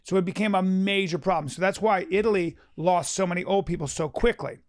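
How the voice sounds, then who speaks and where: A man's voice: high voice, brisk. A man talking in a casual podcast chat, emphatic and profane, restarting sentences often and acting out quotes.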